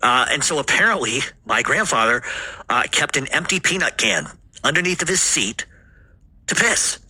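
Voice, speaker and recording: Husky, forceful man telling a rambling story. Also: medium pitch, very animated, moderate pace. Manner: rambling, heavy swearing, frequent fillers. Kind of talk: casual family storytelling.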